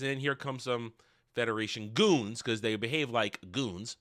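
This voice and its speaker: A man's voice: mid-range voice, normal speed, a bit bright. A man hosting a casual review, recapping sarcastically with rambling, profane asides. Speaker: TV review host.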